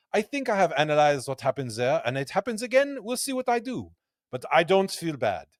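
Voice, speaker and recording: A man's voice: fairly high pitch, no echo, pitched above the performer's own voice. A man putting on a cheerful French golfer with a thick, hammy French accent, talking about his own blunder with a grin. The voice rises well above his normal tone and bounces up and down. It is close and dry. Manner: playful, hamming it up.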